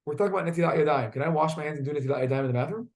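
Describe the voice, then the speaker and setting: A man teaching a class, asking students questions and telling stories in a lively way. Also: on the high side, very fast. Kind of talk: classroom lesson with storytelling.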